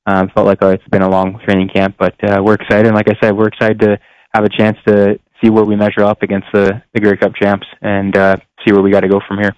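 Speaking fast in a fairly low monotone, this young pro football player has a clear, resonant tone with no echo. He answers radio interview questions earnestly while groping for words, and the line is dull and lo-fi.

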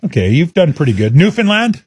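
A man runs a playful quiz with a guest, and his pitch swings widely as he asks questions. His voice is slightly husky and sits in a dry, close room. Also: big pitch swings, fairly quick, darkish tone, no room sound. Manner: playful, laughing, quizzing. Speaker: interviewer. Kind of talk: casual chat quiz.

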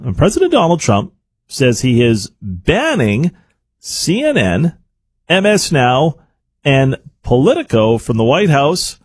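A man's voice: medium pitch, wildly swooping pitch, slow pace, husky, no room sound, clean studio sound. A man hosting a live radio talk show, introducing a cooking segment with an easygoing, filler-heavy ad-lib delivery.

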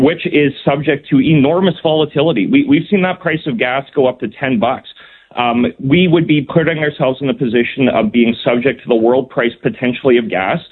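A man's voice: mid-range voice, slight background noise. A man, a provincial cabinet minister answering radio interview questions in an earnest, emphatic way, full of "um" and restarts. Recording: phone-line call-in audio.

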